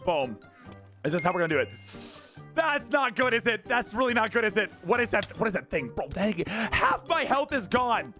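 A young man streaming a modded game and talking to his chat, frantic, repeating himself and often shouting. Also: high voice, sing-song, brisk. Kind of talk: excited gameplay commentary. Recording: music playing clearly under the voice.

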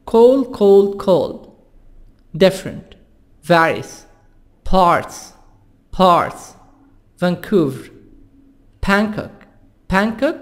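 A man teaches English vocabulary, reading single words aloud and repeating them carefully. His voice sits fairly high and moves up and down a lot. He takes his time over each word. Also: lively intonation. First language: Arabic. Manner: reads single words slowly and repeats them, explaining in Arabic. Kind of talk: vocabulary and pronunciation lesson.

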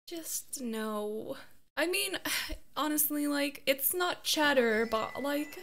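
A woman's voice: high-pitched, sing-song, takes it slowly, creaky, a bit bright, a little hiss or hum. A young woman vlogger giving casual commentary on her video game, dramatic and exasperated, laughing often. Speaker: gaming vlogger.

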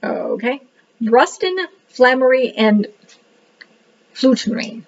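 A woman's voice: medium pitch, animated, measured pace, gravelly, husky. A woman casually reviewing a book, rambling with many fillers and joking that she cannot pronounce the words. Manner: self-deprecating about pronunciation. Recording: dull lo-fi recording.

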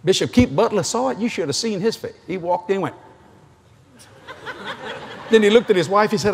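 A middle-aged man preaching a sermon at a convention, an animated, joking storyteller. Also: high voice, brisk, background noise.

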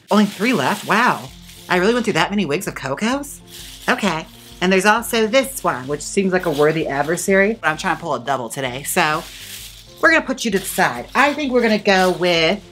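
A man's voice: high-pitched, sharp tone. A man hosting a wig-styling video in a playful, campy, chatty way. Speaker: wig stylist and channel host. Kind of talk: casual tutorial chat.

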